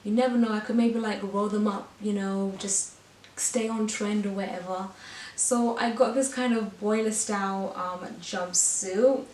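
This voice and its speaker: In a casual haul try-on chat, a woman fashion vlogger is bubbly, giggly and a little out of breath. Her medium-pitched voice is a bit slow and a bit mellow with fairly even intonation, heard from afar in an echoey room with slight hiss or hum.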